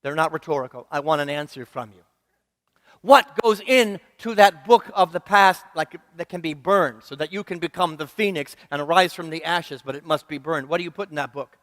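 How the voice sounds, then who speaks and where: High-voiced preacher in a reverberant hall. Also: male voice, normal speed, a bit bright. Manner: earnest, rhythmic repetition, asks the congregation questions. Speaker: minister. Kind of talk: sermon. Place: church sanctuary.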